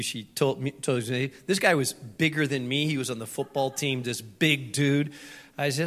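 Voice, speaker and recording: A man's voice: mid-range voice, steady tone, a little slow, fairly bright tone. A middle-aged man preaching a sermon, telling a family story in a direct, earnest way with light humor. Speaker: pastor. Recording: long reverb in a large hall.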